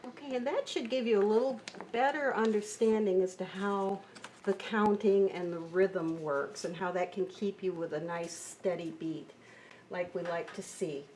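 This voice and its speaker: A woman's voice: mid-range voice, steady tone, moderate pace, lo-fi sound. A woman teaching a beginner piano lesson, patiently explaining note values and chanting counts aloud.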